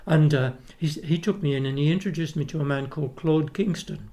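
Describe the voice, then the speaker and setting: Older man, Australian accent, gravelly, slightly high voice, rambling storyteller, interview guest. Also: fairly quick, mellow. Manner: rambling anecdotes with restarts, acts out quoted voices. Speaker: guest, retired opera tenor.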